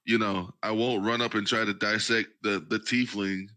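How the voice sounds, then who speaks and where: A man's voice: lowish voice, fairly even intonation, moderate pace, sharp tone. A man playing in a tabletop game, talking hesitantly with fillers. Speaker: player. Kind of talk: casual tabletop role-play.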